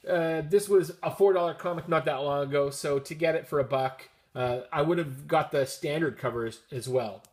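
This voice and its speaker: A Canadian man talks through his latest finds in a relaxed, upbeat way, drifting into little tangents as he goes. His voice sits slightly higher than most men's. He records at home in a casual vlog style. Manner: chatty and upbeat, rambling asides. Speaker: comics vlogger showing his haul. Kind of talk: casual chat.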